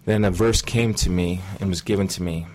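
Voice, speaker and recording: A middle-aged man earnestly recounting a personal testimony in an interview, measured and pausing often. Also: low-pitched, fairly even intonation, darkish tone. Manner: earnest, measured storytelling with frequent pauses. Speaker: guest sharing testimony.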